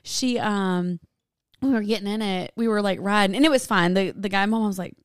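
A woman co-hosting a podcast, telling stories in animated casual chat with quick asides. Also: mid-range voice, clear, resonant tone, dry recording, studio quality. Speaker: podcast co-host.

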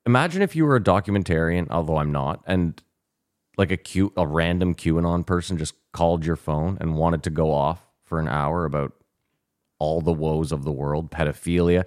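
Deep-voiced man telling a podcast story. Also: normal speed. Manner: animated storytelling, swearing, laughing often. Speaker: podcast host. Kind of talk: casual podcast chat.

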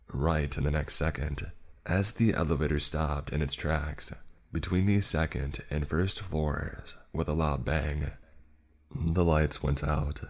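A man narrating a first-person horror story in a dry, sarcastic tone. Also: rumbling low.

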